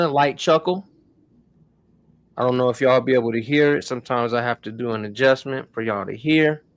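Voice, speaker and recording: A man's voice: mid-range voice, no room sound. Man, tech stream host, casual, slangy, dry room. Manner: loose, slangy, addresses viewers as y'all. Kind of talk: casual tech tutorial livestream.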